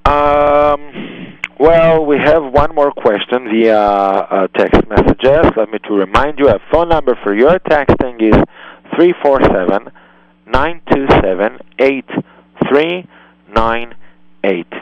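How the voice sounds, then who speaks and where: A man's voice: mid-range voice, expressive, slow, muffled recording, heavy background noise. A man hosting a radio advice show, giving earnest, emphatic parenting guidance in slightly non-native English. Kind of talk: call-in advice talk.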